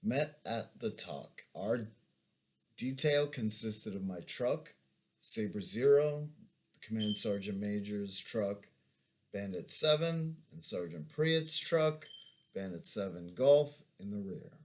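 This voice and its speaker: A man, an army veteran, reading his own memoir aloud in a measured, plain-spoken way. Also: fairly low pitch, animated, a little mellow.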